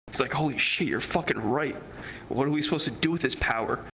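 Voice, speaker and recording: A young adult man streams live, telling a story in casual talk, swearing a lot and animatedly acting out the people he quotes. His voice is mid-range and brisk, and the poor audio carries a little hiss or hum.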